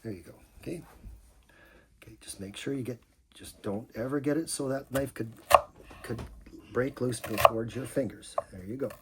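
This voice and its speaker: A man's voice: medium pitch, normal speed, pauses often. An older man, a grandfather, patiently teaching a child to cook step by step and joking along the way in a home kitchen. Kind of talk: home cooking lesson. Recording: loud background noise, chopping.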